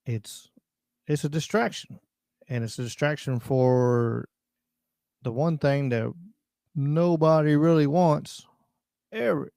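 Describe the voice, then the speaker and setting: Guy hosting a live show, gravelly low-key voice, blunt and rambly. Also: mellow, dry recording, clean studio sound. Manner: blunt, rambling, reads viewer comments. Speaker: podcast host. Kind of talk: casual livestream talk.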